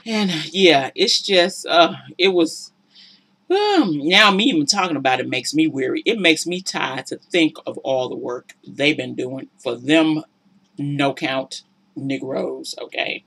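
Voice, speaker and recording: A woman's voice: low voice, lively intonation, unhurried, a bit bright, slightly rough. Woman ranting about a reality show, sassy and fed up, kinda preachy. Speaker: relationship commentator. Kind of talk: casual reality-show commentary.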